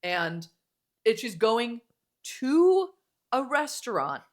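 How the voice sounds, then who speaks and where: Young female podcast co-host, casual, animated, giggly retelling. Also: fairly high pitch, slow. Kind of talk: casual chat.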